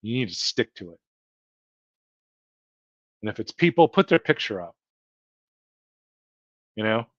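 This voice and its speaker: A man's voice: on the low side, very animated, a little slow, long pauses, no room sound. A man hosting a livestream, talking earnestly and repetitively as he encourages his viewers, whom he calls folks. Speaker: livestream host. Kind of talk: heartfelt motivational livestream talk. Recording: dull lo-fi dry sound.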